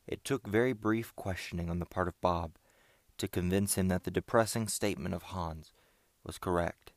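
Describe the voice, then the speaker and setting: A man with a very low, gravelly voice reads a storybook chapter in a steady, measured way. The recording is close and dry, with no room sound. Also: no echo. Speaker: audiobook narrator. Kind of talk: scripted narration.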